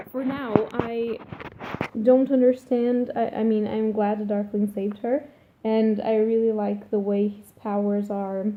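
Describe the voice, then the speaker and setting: A woman vlogger chatting casually about a book she is reading, rambling and swearing freely. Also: medium pitch. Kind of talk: casual vlog chat. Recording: tinny phone-like sound.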